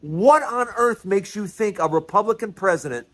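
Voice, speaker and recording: A man hosting his own political commentary vlog, talking in an animated, emphatic way and often repeating and restarting his phrases. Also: high voice, moderate pace. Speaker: vlog host.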